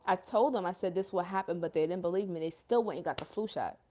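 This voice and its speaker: A woman's voice: on the low side, fast, a little mellow. A young woman hosting a livestream as a self-described healer, talking in earnest, emotional casual chat full of slang like "yo" and "y'all" while reading out viewer comments.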